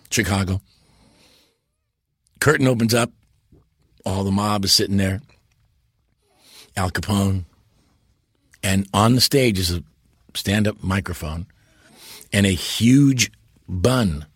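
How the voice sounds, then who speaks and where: A man in his sixties, an interview guest, telling stories in an animated way and breaking into impressions and big laughs. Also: on the low side, breathy edge, dry recording, clean studio sound. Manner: launches into impressions and laughs loudly. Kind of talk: animated storytelling.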